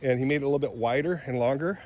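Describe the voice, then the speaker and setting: An older man from Michigan rambling in a casual vlog while walking around his property outdoors, often clearing his throat and drifting into asides. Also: medium pitch, racing, a little mellow. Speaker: vlogger.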